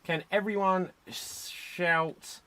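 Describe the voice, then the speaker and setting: A man hosting a live online improv comedy show, giving brisk, upbeat instructions over a video call. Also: high voice, fairly even intonation, pushed and bright, clear, resonant tone. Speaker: host.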